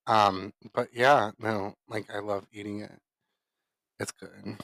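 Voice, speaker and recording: A man's voice: on the low side, fairly even intonation, takes it slowly, a bit bright, no room sound. Rambling man, dry close sound. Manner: rambling, heavy use of "like" fillers; talks while eating. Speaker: podcast co-host. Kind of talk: casual late-night chat.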